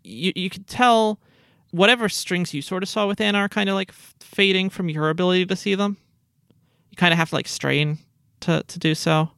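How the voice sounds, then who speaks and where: Halting, slightly high-voiced male game master. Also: creaky, a bit bright, clean tone, no room sound. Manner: halting, full of "like" fillers and restarts. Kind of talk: narrating a tabletop game.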